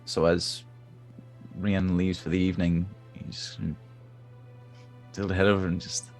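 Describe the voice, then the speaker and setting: Loud, very deep-voiced man player. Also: flat delivery, a little slow, faint music behind. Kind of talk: casual chat at a game table.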